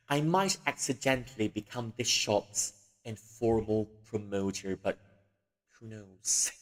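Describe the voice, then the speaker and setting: A man's voice: lowish voice, takes it slowly, long pauses. A man hosting a casual livestream who rambles and giggles, with a long reverb on the recording. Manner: rambling, giggly, full of fillers. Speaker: livestream host.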